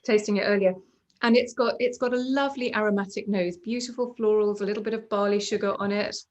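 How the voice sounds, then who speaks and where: A woman's voice: medium pitch, steady tone, quick pace, muffled recording. A woman on a panel describing wines in appreciative, descriptive terms. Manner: descriptive, appreciative tasting notes. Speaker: wine writer panelist. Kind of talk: casual panel discussion.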